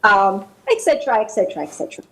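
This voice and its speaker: A woman's voice: mid-range voice, very animated, racing, a bit bright, low-quality recording. A woman with a French accent, a guest on a morning TV show, patiently teaching French phrases and repeating them for the hosts to practise.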